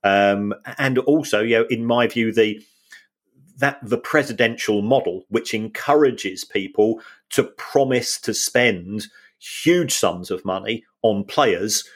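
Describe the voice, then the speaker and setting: A man co-hosting a football podcast, talking things through in a measured way with many fillers and restarts. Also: fairly low pitch. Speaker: podcast co-host. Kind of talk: casual football finance chat.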